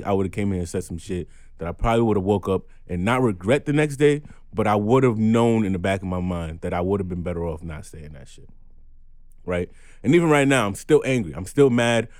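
In studio-quality audio with no echo, a low-pitched man co-hosting a podcast vents in casual, blunt, profane chat. His voice rises as his anger builds.

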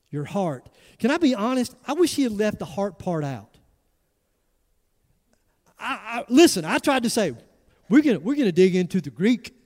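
High-voiced animated preacher, man. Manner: animated, emphatic preaching with rhetorical questions. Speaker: pastor. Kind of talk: sermon. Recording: long hall reverb.

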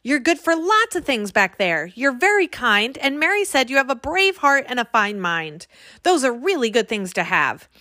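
A woman's voice: sits high, big pitch swings, normal speed, bright, forceful tone, no echo, studio quality, pitched above the performer's own voice, heavily acted. A woman voicing Jack, an earnest, polite young boy who pleads with the fairies. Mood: pleading.

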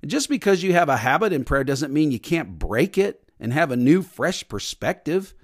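A man's voice: a little high, very animated, normal speed. A man preaching a sermon as pastor, emphatic and repetitive, sometimes mimicking stiff formal prayers.

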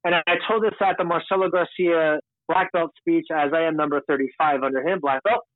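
A man's voice: on the high side, fairly even intonation, a little fast, a little hiss or hum. A man from Long Island, a podcast guest telling a story in a candid, rambling way. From Long Island, New York. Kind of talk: casual storytelling. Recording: tinny, dry phone-like sound.

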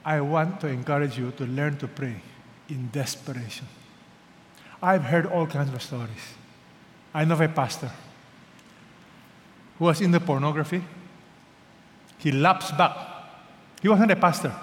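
A fervent preacher, a man, whose voice sits a little high. He pushes to urgent, loud peaks, drops to near hushes and keeps asking his listeners questions. The sermon rings out in a reverberant hall with a faint hiss underneath. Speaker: pastor.

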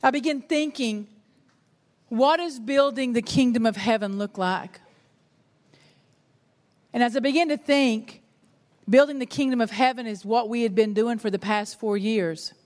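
A middle-aged woman, preaching a sermon and telling a personal story with animated, self-mocking humor. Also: on the high side, a little slow, long pauses, big-room sound. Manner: animated storytelling, laughs at herself. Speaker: pastor's wife and preacher.

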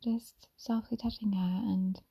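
A woman speaks in a soft-spoken ASMR manner, often dropping to a whisper. Her tone is mellow and dark, with plenty of gravelly vocal fry. She meanders gently, with frequent ums and restarts. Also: medium pitch, steady tone, unhurried. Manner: meandering, with many fillers and restarts. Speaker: mother sharing reflections.

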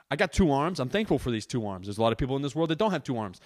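A young adult man hosting a casual solo podcast, telling an animated, exaggerated story and swearing constantly while sitting on a couch indoors. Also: medium pitch, rapid-fire, hardly any pauses. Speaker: podcast host.

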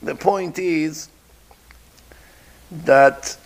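A man giving a sermon who tells a story, slowly and emphatically, repeating his phrases. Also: on the high side.

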